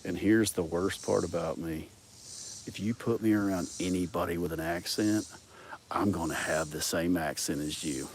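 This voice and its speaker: A man's voice: sits low, normal speed, slight background noise. A man from Arkansas with a Southern accent, telling rambling, profane stories in a casual vlog, his words running together. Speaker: vlogger.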